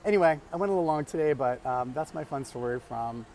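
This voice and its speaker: A man's voice: medium pitch, animated, fast talker, a little mellow, slight background noise. A man hosting a casual vlog, telling a travel story in a chatty way with many fillers and restarts. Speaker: vlog host. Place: traveling abroad, outdoor ambience.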